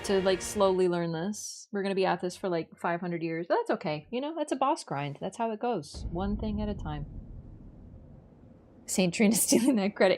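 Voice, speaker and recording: A woman's voice: lowish voice, moderate pace, darkish tone, slight background noise. A woman streamer chatting casually and ranting as she plays, swearing freely. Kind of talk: casual gameplay commentary. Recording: game music playing under the voice.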